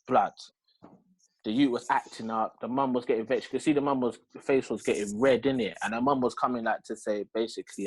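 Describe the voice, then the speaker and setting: A young man with a London accent, telling a story in an animated, slang-heavy way as a podcast co-host. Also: medium pitch, fast talker, husky, no echo. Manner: slangy, lively, full of street slang tags. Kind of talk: animated storytelling in casual chat.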